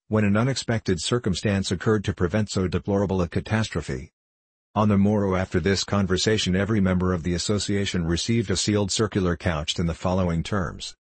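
A male audiobook narrator reading in a steady, measured way. His voice sits low and slightly husky. The recording is close and dry. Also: no echo. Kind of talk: scripted narration.

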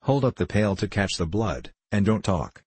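A gentle young working man, earnest and soft-hearted, read by a man in a deep voice. His tone is husky and low. The reading sounds dry and close. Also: animated, normal speed, no room sound. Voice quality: earnest, pleading.

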